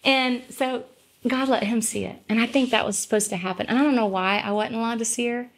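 A woman's voice: fairly even intonation, fairly quick. A woman guest telling a heartfelt personal story in casual conversation, earnest, often restarting and correcting herself, and lifting her voice to act out the people she quotes. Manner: acts out quoted voices with lifted pitch. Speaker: guest, gospel singer.

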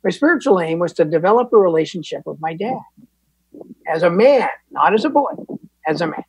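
Speaking briskly and animatedly in a high, slightly mellow, husky voice, a Canadian man tells his recovery story at an Al-Anon meeting. He's candid, casual, and self-deprecating, with plenty of fillers and restarts. The low-quality recording has no room sound.

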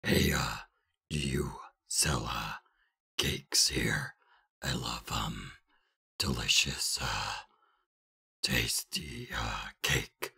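A man voicing a cake-loving man in a gravelly, breathy half-whisper, slow and halting. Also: very deep voice, pushed and bright, pitched below the performer's own voice, exaggerated voice. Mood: hungry. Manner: slow, halting, with filler pauses. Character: gravelly deep-voiced man asking for cake.

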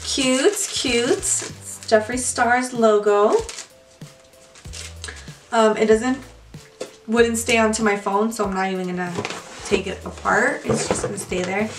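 A young woman chatting casually to her viewers as she unboxes beauty products, gushing and excitable. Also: a little high, takes it slowly, pauses often. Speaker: beauty vlogger. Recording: echoey room, mic far off, music behind.

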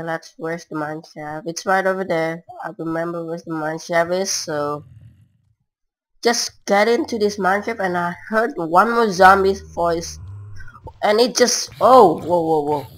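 A woman's voice: on the low side, a little slow, pauses often, low-quality recording. A woman giving casual, rambling gameplay commentary in broken non-native English, with frequent filler words. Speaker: gamer.

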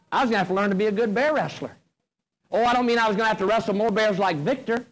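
A middle-aged man telling a funny story to an audience, folksy and animated, with comic timing. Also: high-pitched, poor audio. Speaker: motivational speaker. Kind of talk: humorous storytelling speech. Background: audience laughter.

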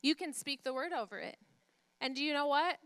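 A woman preaches a sermon as pastor, her voice bright and a touch high. She is emphatic, repeating key phrases and putting questions to the congregation, and she softens to a hush when she retells a story. The recording is close and dry. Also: a little fast, dry recording.

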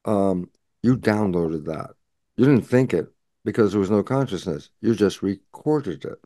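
A man's voice: fairly low pitch, animated, a little slow, warm tone, dry recording, clean studio sound. A man speaking as a guest scientist in an interview, explaining at length and acting out imagined back-and-forth dialogue.

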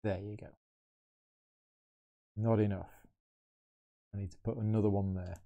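A man's voice: fairly low pitch, level tone, a little slow, creaky, lo-fi sound. A man hosting a live solo board game playthrough, chatting and thinking aloud as he moves pieces. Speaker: board game channel host.

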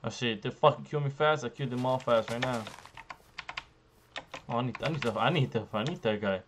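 A young man giving profane, frustrated commentary while playing a survival game, jumping between loud outbursts and low muttering. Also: a little fast, noisy background. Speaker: gaming YouTuber. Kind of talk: profane live gameplay commentary.

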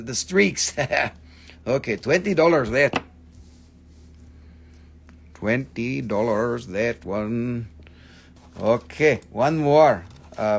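Over slight background noise, a man with a mid-range voice hosts a casual live stream selling rocks and crystals. The crystal shop host jokes, rambles and swears freely.

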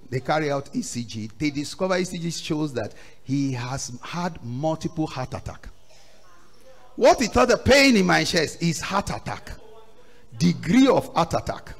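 A man preaching a sermon, swinging from loud outbursts to low drops and acting out voices in his stories. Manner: acts out quoted voices in the story. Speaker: pastor.

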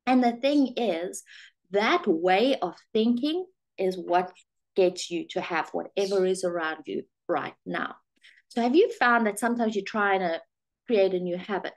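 A middle-aged woman life coach talking straight to her viewers, animated and acting out her own thoughts in quotes. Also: medium pitch, normal speed. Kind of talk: direct-to-camera coaching talk.

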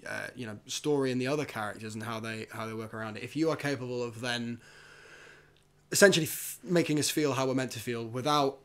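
An animated man hosts a casual podcast chat, restarting sentences as he goes. His pitch sits mid-range but jumps when he gets worked up, and he slips into mock voices of the actors he is describing. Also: fast. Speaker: podcast host.

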